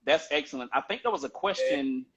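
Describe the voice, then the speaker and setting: A man's voice: medium pitch, lively intonation, brisk, a crowd in the background. A man hosting a podcast, eagerly asking his guest questions in casual chat. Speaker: podcast host. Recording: muffled lo-fi audio.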